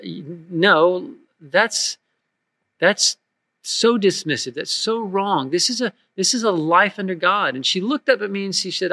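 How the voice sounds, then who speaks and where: A man's voice: high-pitched, lively intonation, measured pace, pushed and bright, no room sound, studio quality. A middle-aged man preaching a sermon in an earnest, emphatic way, often repeating words as he goes. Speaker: pastor.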